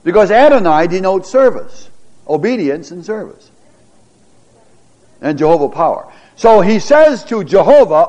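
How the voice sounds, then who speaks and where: Slow, animated male Bible teacher. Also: sits high. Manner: dramatic scripture reading with stutters acted out; halting, repeats words with frequent fillers. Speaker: pastor teaching a Bible class. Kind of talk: Bible class lecture.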